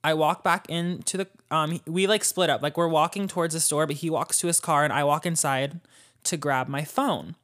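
A woman hosts her own podcast and tells a personal story in a loose, conversational way. She talks in an animated rush, fills her sentences with "like" and swears freely. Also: low-pitched, moderate pace. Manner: chatty, animated, swears freely, many fillers. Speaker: podcast host. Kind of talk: casual storytelling.

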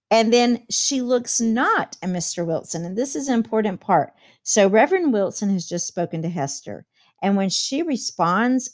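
A woman teacher explaining a novel chapter to her students, reading quotes aloud and adding plain commentary. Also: mid-range voice.

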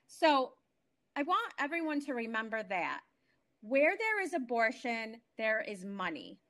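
Speaking from home as a guest on a talk show, a woman in her forties shares an emotional personal story. She is animated and restarts often, her voice on the high side and her pace unhurried.

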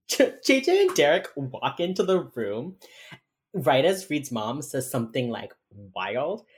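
Very deep-voiced woman chatting casually. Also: sing-song, takes it slowly. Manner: rambling, filler-heavy, swearing, acts out quotes. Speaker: podcast co-host recapping a TV episode. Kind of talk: casual chat.

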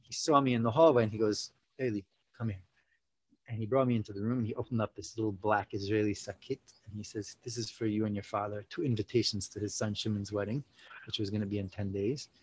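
A man's voice: lowish voice, fast, breathy edge, no room sound, low-quality recording. A young man, telling a personal story casually many fillers, acting out quotes. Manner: animated, full of 'you know, like' fillers, acts out quotes.

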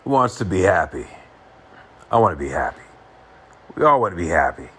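A man talking earnestly to the camera in short, halting phrases, reflecting on happiness. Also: sits low, sing-song, fairly bright tone, husky.

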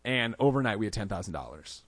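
A man's voice: on the low side, sing-song, fast, fairly bright tone, no echo. A man as a podcast guest, telling stories casually in a studio and acting out quoted lines in a raised voice. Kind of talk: casual storytelling interview.

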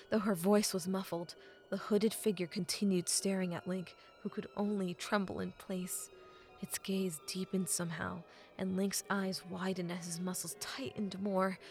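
A woman reading a novel aloud as an audiobook narrator, measured and often dropping to a hushed half-whisper. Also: medium pitch.

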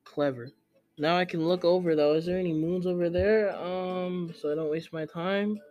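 Excitable young man narrating gameplay. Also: high-pitched, moderate pace, lo-fi sound. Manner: excitable, scolds the game character in sudden yelps. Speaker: let's play gamer. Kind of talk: casual gameplay commentary.

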